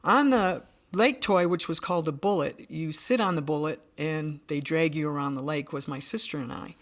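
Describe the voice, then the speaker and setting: A woman's voice: low voice, moderate pace. Earnest woman recounting a vivid story. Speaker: podcast guest. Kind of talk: telling a personal story in conversation.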